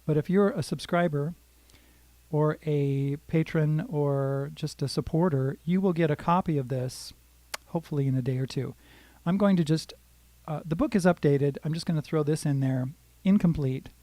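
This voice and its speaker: Older male guitar teacher, chatty and rambling, slightly high mellow voice in a dry room with guitar behind. Casual live-lesson delivery. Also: moderate pace, no room sound. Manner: chatty, rambling, greets viewers by name.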